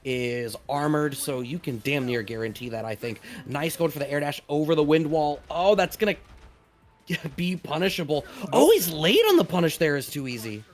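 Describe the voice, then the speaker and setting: Lively man calling fighting game play. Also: a little high. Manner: quick, animated, swears casually. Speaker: fighting game tournament commentator. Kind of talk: esports play-by-play commentary.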